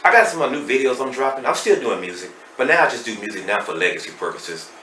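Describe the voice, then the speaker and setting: A middle-aged man with a Texas accent, speaking as a podcast guest and telling his story candidly and emotionally, swinging between loud and hushed. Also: medium pitch, lively intonation, fast talker, recorded from a distance. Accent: Southern US, Texas. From Dallas, Texas. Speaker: podcast guest, hip hop artist. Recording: roomy echo, off-mic, faint noise.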